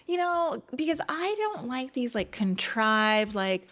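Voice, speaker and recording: A woman's voice: on the high side, very animated, takes it slowly, fairly bright tone. A woman co-hosting a podcast, gushing in casual chat about a movie, with lots of "like" and quoting her own reactions. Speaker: podcast co-host.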